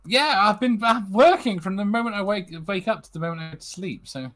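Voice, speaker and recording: A man's voice: high voice, animated, a little fast, fairly bright tone, soft background music. A young man joining a casual chat as a guest, dry in tone and laughing off complaints. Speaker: guest filling in.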